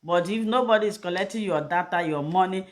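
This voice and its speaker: A man with a notably high voice talks straight to his audience as a channel host. He presses them with repeated, pleading questions, half scolding and half begging. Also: brisk. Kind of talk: direct-to-camera vlog talk.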